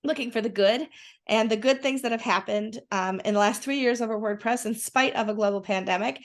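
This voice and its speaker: A woman's voice: fairly high pitch, a little fast. A woman chatting as a guest, enthusiastic and rambling with many restarts. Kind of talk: casual conversation.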